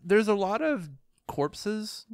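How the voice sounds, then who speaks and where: A man with a smooth, resonant voice pitched a bit high, recapping a video game on a casual podcast. He talks easygoing and halting, often restarting sentences, in a dry close recording. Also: sing-song, no echo. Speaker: podcast co-host running the quest log recap.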